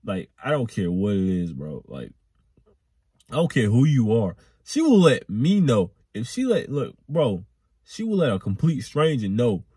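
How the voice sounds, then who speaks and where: A young man recounting a chaotic ride in a rambling storytime vlog. His pitch swoops high and low as he gets worked up, with a husky grain. Close and dry, right on the mic. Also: a little slow, dry recording. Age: young adult. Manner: animated, rambling, repetitive slang. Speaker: vlogger.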